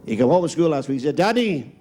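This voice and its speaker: A man's voice: a little high, a little mellow. A male stand-up comedian with an Irish accent, firing off one-liners on a live stage. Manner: rapid one-liners, quick punchlines.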